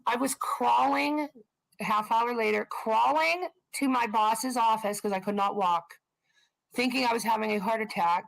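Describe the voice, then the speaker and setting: A woman co-hosting a live stream, telling frank, animated personal stories and swearing for emphasis. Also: fairly high pitch, normal speed, creaky, poor audio. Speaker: co-host of a live stream channel. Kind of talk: casual storytelling on a live stream.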